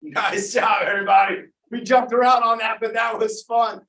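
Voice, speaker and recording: A man's voice: sits high, fairly even intonation, normal speed, bright, forceful tone, roomy sound, recorded from a distance, poor audio. A man leading a live online workout class as coach, upbeat and encouraging, calling out names and counting down reps. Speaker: fitness coach.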